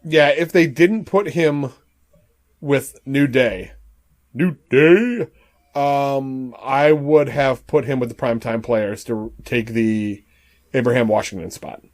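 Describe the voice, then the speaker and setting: A man co-hosting a wrestling podcast in casual chat, relaxed and filling his pauses with "uh" and "um". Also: mid-range voice. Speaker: podcast co-host.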